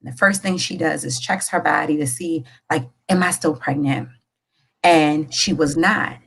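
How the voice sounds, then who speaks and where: A woman co-hosting an educational podcast, chatting casually and telling a long joke with animated storytelling. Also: sits low, normal speed, vocal fry, slightly rough, low-quality recording. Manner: animated storyteller, voices quoted characters. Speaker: co-host.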